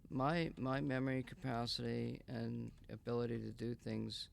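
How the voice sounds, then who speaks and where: A man's voice: medium pitch, little pitch movement, normal speed, creaky, a little hiss or hum. A man streaming a game live, muttering and swearing in frustration to himself. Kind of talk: live gameplay stream talk.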